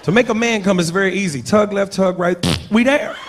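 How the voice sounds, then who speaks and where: A man doing a profane stand-up comedy routine with loud impressions on a club stage. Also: high-pitched, brisk. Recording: live club with loud crowd and noise. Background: audience laughter.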